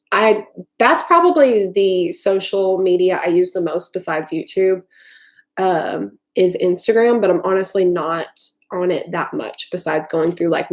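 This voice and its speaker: A woman from Tennessee chatting casually on a live stream from her home kitchen, rambling and swearing freely with lots of filler words. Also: on the low side. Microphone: desktop computer mic.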